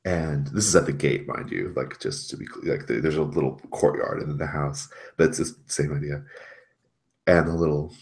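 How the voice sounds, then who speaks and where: A man's voice: a bass voice, normal speed, creaky. A man narrating a tabletop role-playing game as its game master, rambling with many fillers.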